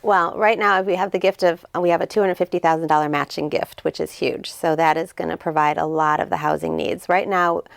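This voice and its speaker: A woman's voice: fairly low pitch, brisk, vocal fry, few pauses, no echo, clean studio sound. A woman, a nonprofit founder, talking earnestly and with feeling in a casual interview, acting out what others said. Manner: earnest and emotional, quotes others in lively voices. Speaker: nonprofit founder and CEO, guest.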